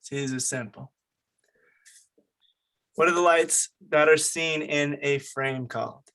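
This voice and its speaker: A man's voice: fairly high pitch, slow, fairly bright tone. A young man leading a group video call, quizzing the others with questions and encouragement. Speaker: meeting leader.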